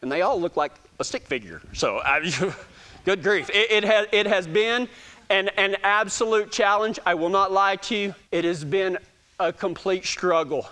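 A man's voice: high voice, normal speed, bright, forceful tone. A man with a Texan accent, talking casually to a gathering in a folksy, self-joking way and often stammering and restarting his sentences. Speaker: speaker addressing a gathering. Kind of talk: casual storytelling talk to an audience.

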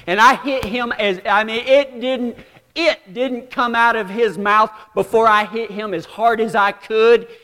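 A man's voice: high voice, sharp tone. Folksy preacher man in a hall. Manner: folksy, self-deprecating humor with dramatic pauses. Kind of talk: storytelling sermon. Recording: long hall reverb.

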